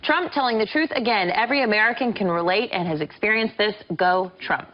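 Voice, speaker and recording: Fast-talking Southern woman co-host. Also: medium pitch, highs cut off. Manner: quick, chatty, reads viewer comments. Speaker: morning TV co-host. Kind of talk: casual news chat.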